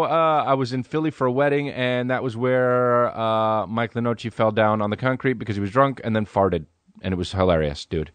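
A young man hosts his own podcast. He rambles through a comedic story, swearing freely, in an easy, laid-back voice at a middle pitch. The sound is dry and close, with no room echo. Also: clear, resonant tone. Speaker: podcast host.

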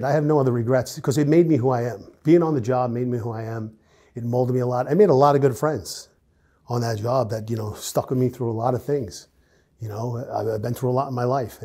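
A man's voice: medium pitch, mellow, husky. A middle-aged man with a New York accent, a retired police officer, bluntly telling stories in an interview and acting out the dialogue. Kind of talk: casual storytelling interview.

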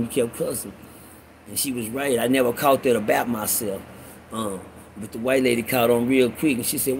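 A man's voice: mid-range voice, a little mellow, rough recording. Texas guy rambling thru a story, cussing, talking to y'all, some car noise in back. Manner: rambling, streetwise, heavy cursing, addresses listeners as y'all. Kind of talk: casual storytelling monologue.

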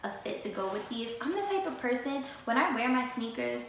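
A young woman with a fairly high voice chats excitedly, addressing her viewers directly as she shows off her sneakers. Her voice rings through a very echoey room. A faint hiss of noise sits under the recording. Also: brisk, creaky. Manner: chatty, animated, talks straight to viewers. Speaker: vlogger. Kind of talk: casual sneaker haul chat.

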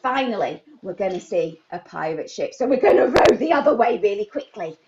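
A woman running a live online baby sign class, talking to toddlers in an animated, sing-song way. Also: medium pitch, brisk, lo-fi sound, a little hiss or hum.

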